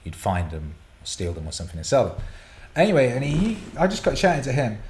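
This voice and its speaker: A man's voice: mid-range voice, huge pitch swings, fast talker, a little mellow. A man hosting a show, answering listener questions in a casual, rambling way, swearing freely and restarting his sentences often.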